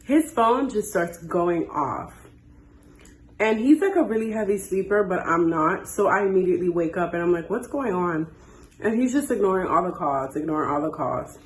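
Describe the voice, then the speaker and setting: A woman in her twenties telling a story on a casual story time chat, animated and jumping high when she quotes people. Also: moderate pace, roomy sound, a little hiss or hum, poor audio. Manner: animated, jumps to high voices when quoting.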